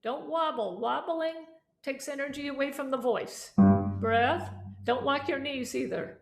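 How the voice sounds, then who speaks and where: A woman's voice: sits high, measured pace, creaky, soft background music. A woman teaching a voice lesson, coaching students through exercises and demonstrating sounds aloud. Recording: echoey room with faint instrument.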